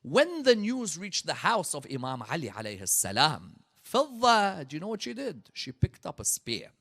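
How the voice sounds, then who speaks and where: A man preaching a sermon, telling the story dramatically and swinging from hushed passages to loud, rising peaks. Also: a little high, huge pitch swings, moderate pace. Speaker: preacher at a religious gathering.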